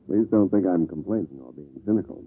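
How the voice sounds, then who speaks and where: An actor playing a bitter, self-doubting husband in an old-time radio drama, speaking in a rueful, sardonic way. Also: male voice, sits low, husky. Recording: lo-fi vintage radio recording.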